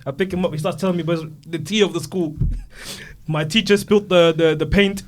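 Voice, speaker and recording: A man's voice: on the high side, fairly quick. A man in his twenties, a podcast co-host, telling stories in casual chat and acting out the voices of the people in them. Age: 20s. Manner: animated storyteller, acts out voices of kids.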